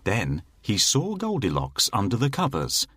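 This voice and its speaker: A man narrating a children's fairy tale in a slow, expressive storytelling manner. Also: lowish voice, dry recording, studio quality.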